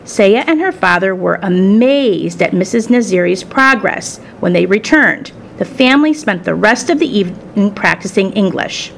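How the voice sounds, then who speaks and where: A woman reading a children's story aloud in the first person, with expressive storytelling. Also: mid-range voice, normal speed, creaky, few pauses, a little hiss or hum. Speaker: storybook reader.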